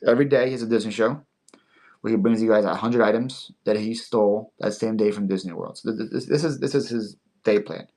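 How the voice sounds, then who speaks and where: A man hosting a casual livestream sale, playful and quick to laugh, often stammering and repeating words. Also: fairly low pitch, dark tone. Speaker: live online seller host.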